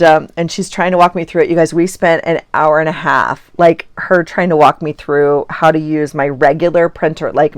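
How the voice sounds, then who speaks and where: Chatty, rambling woman with a lowish voice. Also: no echo. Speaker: journaling vlogger. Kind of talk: casual chat while crafting. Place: home office.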